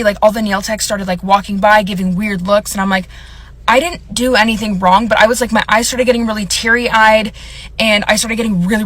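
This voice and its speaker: A young woman rattles through her story at a quick clip, voice sitting in an ordinary middle register. She rambles and leans on filler words, sounding shaken and close to tears the whole way through. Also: mid-range voice, a bit bright. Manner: rambling, filler-heavy, upset. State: on the verge of tears. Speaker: content creator. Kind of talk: storytime vlog.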